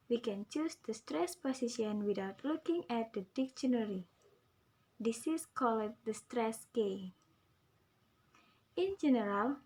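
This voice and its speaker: A woman's voice: fairly high pitch, a little mellow, slightly rough. A young woman with an Indonesian accent reads a pronunciation lesson aloud, carefully drilling words for listeners to repeat. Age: young adult. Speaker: student presenter. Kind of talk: reading an English pronunciation lesson.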